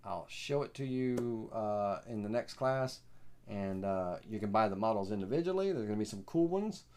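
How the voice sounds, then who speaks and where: A man with a Southern US accent hosting a live software tutorial, rambling and folksy with lots of fillers. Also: fairly low pitch, lively intonation, moderate pace. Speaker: host.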